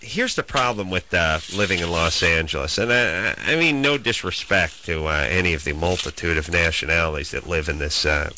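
A man's voice: deep voice, a little fast, hardly any pauses, background noise. A man hosting a radio talk show, telling a long brash story in a rambling, casual way.

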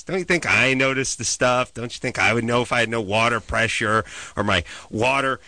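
A man hosting a casual chat, telling stories in an animated, ranting way. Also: mid-range voice, a little fast, few pauses, dry recording.

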